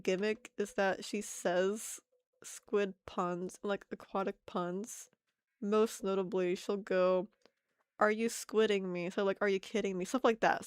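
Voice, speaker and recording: A woman's voice: medium pitch, dry recording. A young woman chatting casually on an art stream, giggling and poking fun at herself as she reads chat aloud.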